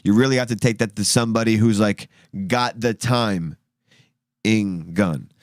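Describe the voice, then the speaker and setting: A man's voice: fairly low pitch, unhurried, dry recording, clean studio sound. A young man co-hosting a podcast, rambling through a casual story full of fillers and putting on goofy voices for the people he quotes. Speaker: podcast co-host.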